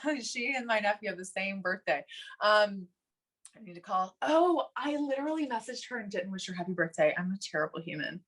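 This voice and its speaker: A woman in her thirties chatting as a podcast guest, telling animated stories. She laughs often and plays out the other people's lines. Her voice sits at an ordinary middle pitch. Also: a little fast. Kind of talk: casual interview storytelling.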